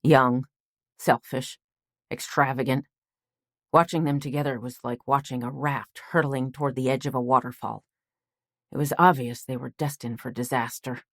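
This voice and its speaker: A woman narrating an audiobook while voicing a hoarse, bitter old grandfather lying in a hospital bed, speaking slowly and bluntly. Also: very deep voice, steady tone, no room sound, studio quality. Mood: scornful. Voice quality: hoarse, rasping. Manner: slow, blunt, muttering.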